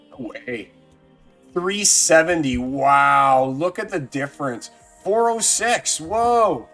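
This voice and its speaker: Excitable game streamer man, fairly high voice. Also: unhurried, soft background music. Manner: excitable, talks to chat, thinks aloud. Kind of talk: casual live-stream chat.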